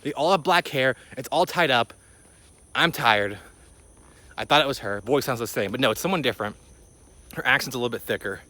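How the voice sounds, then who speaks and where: A young man casually telling a rambling travel story, full of slang and fillers, his voice jumping higher when he recalls panicking. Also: a little fast, pauses often, sharp tone. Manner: rises in pitch when retelling panic. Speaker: vlogger.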